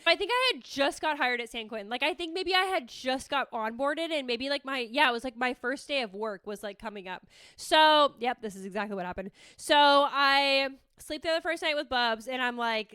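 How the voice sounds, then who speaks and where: A young woman from the Bay Area hosting a podcast, telling a story in a rambling, animated way with lots of "like". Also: sits high, normal speed, hardly any pauses, clean tone, dry recording, studio quality. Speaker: podcast host. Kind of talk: casual storytelling chat.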